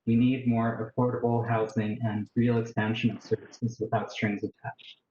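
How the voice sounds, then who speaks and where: A man calling in to a council meeting, giving a prepared public comment in a steady, plainspoken way. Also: medium pitch, normal speed. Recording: roomy, muffled call audio with faint noise.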